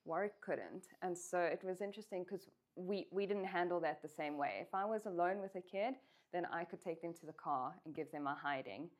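A woman's voice: on the low side, a little fast. A woman co-hosting a parenting discussion, speaking in a frank, matter-of-fact way. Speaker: co-host, parent.

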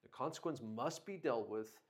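A man's voice: mid-range voice, lively intonation, moderate pace. A man co-hosting a parenting discussion, talking in a firm, instructive way. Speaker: co-host, parent.

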